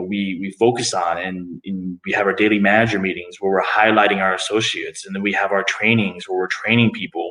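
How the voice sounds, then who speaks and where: A middle-aged man, a guest on a podcast interview, telling stories in a relaxed, animated way and often putting on higher voices when he quotes people. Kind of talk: casual storytelling in a podcast interview. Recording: echoey room.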